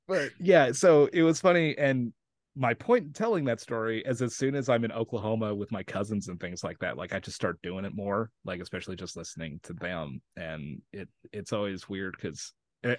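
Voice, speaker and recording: A young actor from Santa Fe, New Mexico, chats casually as an interview guest, rambling with lots of fillers and laughing often. His voice is lowish, and the studio-quality recording is dry.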